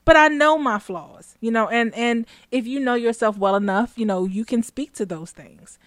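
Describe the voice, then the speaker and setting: A woman's voice: a little high, moderate pace, dry recording, clean studio sound. A woman co-hosting a casual talk show, reflective and laughing often, restarting her sentences as she thinks. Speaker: podcast co-host. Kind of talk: casual chat.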